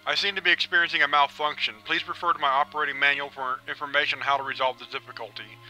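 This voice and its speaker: Monotone robot guy, no inflection at all, man putting it on, bright tone. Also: a little high, very fast, faint music behind, low-quality recording. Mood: robotic. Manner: flat monotone robotic delivery. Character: male robot sidekick, literal-minded.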